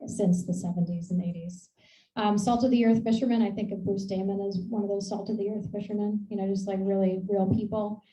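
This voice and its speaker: A woman's voice: mid-range voice, mellow. A woman from Maine giving a casual, rambling talk about her research to an audience. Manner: chatty, rambling, laughs at herself. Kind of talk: casual presentation with slides. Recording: echoey room, dull lo-fi sound.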